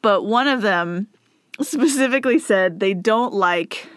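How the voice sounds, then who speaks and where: A woman's voice: medium pitch, lively intonation, measured pace, smooth, dry recording, clean studio sound. A woman co-hosting a comedy podcast in casual chat, laughing often and reading listener emails aloud. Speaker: podcast co-host.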